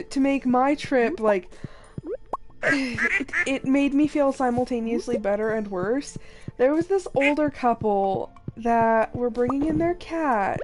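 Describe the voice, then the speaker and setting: A young woman streaming a farming game, chatting casually and rambling through a story with many fillers and restarts, emotionally drained. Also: fairly high pitch. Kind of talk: casual live-stream chat while playing. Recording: game music behind voice.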